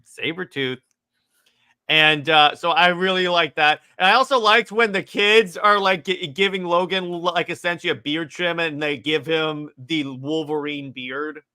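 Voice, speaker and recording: A man co-hosting a casual movie discussion, excitedly retelling scenes with lots of stumbling restarts. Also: on the high side, moderate pace, hardly any pauses, smooth. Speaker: podcast co-host.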